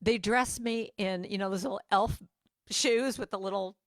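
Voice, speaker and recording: A woman giving a lively storytelling message at a church service, acting out the voices of people in her story. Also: medium pitch, moderate pace, no echo, clean studio sound. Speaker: guest musician and speaker. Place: church sanctuary.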